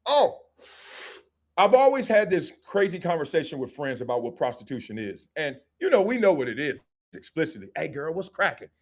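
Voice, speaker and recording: A middle-aged man hosting a live show, commenting on sports and culture in a joking, animated way and acting out quick skits. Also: fairly high pitch. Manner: animated and joking, slips into quick acted-out skits with different voices. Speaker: host.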